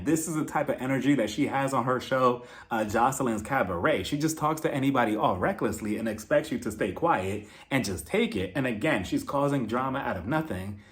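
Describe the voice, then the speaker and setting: A man giving a casual, expressive recap of a reality TV episode, opinionated and full of "like" and "you know". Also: mid-range voice. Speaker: reality TV reviewer.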